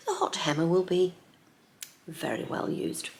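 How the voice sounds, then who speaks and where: A middle-aged woman chatting casually in her sewing vlog, lively and chatty, sometimes dropping to a soft near-whisper. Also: fairly low pitch, a little slow, vocal fry, pauses often, a little hiss or hum. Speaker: sewing vlogger.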